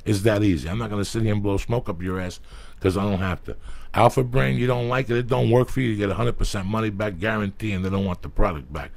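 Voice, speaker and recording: A man hosting his podcast, reading sponsor ads in a loud, emphatic, profane, rambling way. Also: fairly low pitch, fast, creaky. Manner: loud, emphatic, swears freely. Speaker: podcast host.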